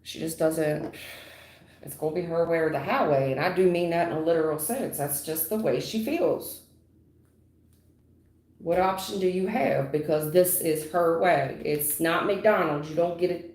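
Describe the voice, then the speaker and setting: A woman's voice: fairly low pitch, moderate pace, a little mellow. A woman giving a live tarot reading in a blunt, emphatic, slangy way, repeating her points. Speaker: tarot reader. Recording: roomy echo.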